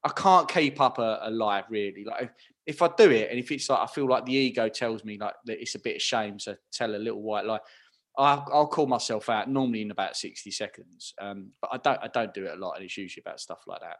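A man's voice: mid-range voice, animated, brisk, fairly bright tone. A man, co-hosting a podcast in casual, self-deprecating chat, saying "like" often. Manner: self-deprecating, says "like" a lot. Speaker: podcast co-host.

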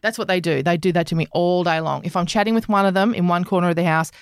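A middle-aged woman co-hosting a casual podcast chat, telling camp, animated stories and acting out her family's voices. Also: lowish voice, fast talker, smooth, no room sound, clean studio sound. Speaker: podcast co-host.

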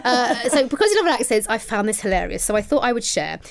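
A woman's voice: on the high side, big pitch swings, quick pace, creaky, dry recording. A woman co-hosting a podcast, chatting frankly and giggling with her friend. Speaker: podcast co-host. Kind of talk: casual podcast chat.

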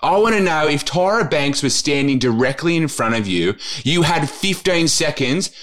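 A man co-hosting a podcast, reacting excitably and asking a guest questions in casual chat. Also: on the high side, moderate pace. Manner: excitable, gasping and laughing reactions. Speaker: podcast co-host.

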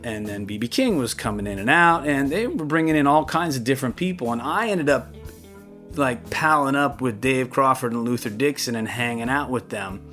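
Man telling an animated studio story. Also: medium pitch, normal speed, soft background music. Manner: animated, acts out the voices of others in his anecdotes. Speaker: interviewee recounting his studio career. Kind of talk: casual storytelling.

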